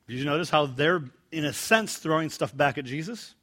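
A man preaching verse by verse from the Bible, acting out quoted lines loudly and dropping to a quiet, low voice when he explains them. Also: a little fast, hardly any pauses. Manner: animated, acts out quoted lines with rising pitch and volume.

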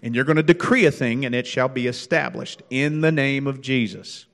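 A man's voice: mid-range voice, creaky, fairly bright tone. A man giving a short sermon and exhorting the congregation in an earnest way. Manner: earnest, exhorting, quick bursts. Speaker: preacher.

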